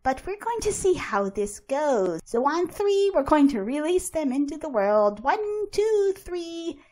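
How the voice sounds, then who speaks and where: A woman's voice: high voice, big pitch swings, unhurried, darkish tone, slight background noise. A woman giving casual gameplay commentary as host of her channel, chatty and laughing often as she talks to her game characters.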